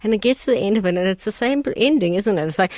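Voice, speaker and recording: A woman's voice: medium pitch, darkish tone, no room sound, clean studio sound. A woman hosting an advice talk, speaking earnestly and emphatically, repeating phrases for effect. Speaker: host giving life advice and readings.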